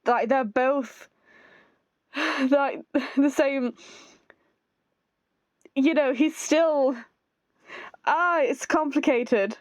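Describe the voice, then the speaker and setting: A woman's voice: sits high, very slow, pauses often, no echo. Giggly woman commenting on a game. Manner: giggly, chatty, reacts to the story. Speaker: let's play streamer. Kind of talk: casual gameplay commentary.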